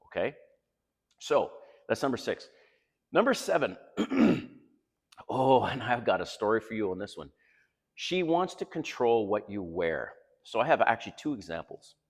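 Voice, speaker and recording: A man's voice: on the low side, very animated, moderate pace. A middle-aged man giving dating advice to camera in a casual monologue, blunt, emphatic and profane as he lectures. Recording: long reverb in the room.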